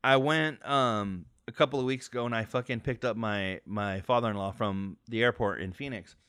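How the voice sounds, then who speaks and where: A man's voice: medium pitch, normal speed, clear, resonant tone, dry recording, studio quality. A man co-hosting a podcast, telling stories in casual chat, swearing a lot and acting out the people he quotes. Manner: profane, animated storyteller acting out quotes. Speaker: podcast co-host.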